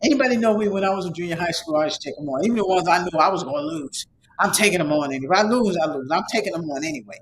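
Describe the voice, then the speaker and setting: High-voiced man giving a rambling pep talk. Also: expressive, racing, a bit bright, a little hiss or hum, low-quality recording. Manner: casual, conversational. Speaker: online course instructor. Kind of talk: motivational talk to students.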